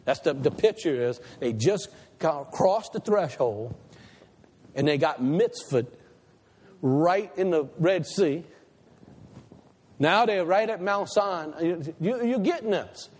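Animated preacher in a reverberant hall. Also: male voice, slow pace. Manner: animated preaching, rising to high emphatic peaks and dropping to quiet asides. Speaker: pastor. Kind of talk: sermon.

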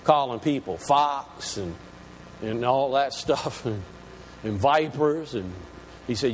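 A man preaching a sermon, dramatic, swinging between loud exclamations and hushed lines, in a large church. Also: mid-range voice, lively intonation, a little slow. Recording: long hall reverb, faint room noise.

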